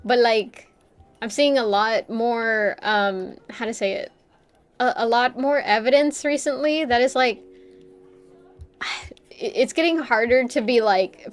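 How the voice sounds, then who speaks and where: A woman's voice: on the high side, unhurried. A young adult woman streamer who chats casually while drawing, rambling and self-deprecating and laughing often.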